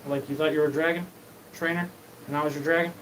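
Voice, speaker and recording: A man's voice: fairly high pitch, little pitch movement, fast. Rambling man over background noise. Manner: disjointed, profane, jumps between topics. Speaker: show host. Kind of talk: rambling live monologue. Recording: noisy background.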